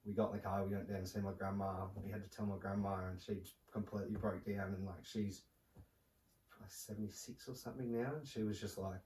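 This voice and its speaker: A young man speaks as a podcast guest, low and mellow in tone with little rise and fall. He talks haltingly, full of fillers and restarts. He sits a little back from the mic in a roomy space with faint noise behind him. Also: level tone, recorded from a distance. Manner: halting, soft-spoken storytelling with many fillers. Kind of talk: casual podcast conversation.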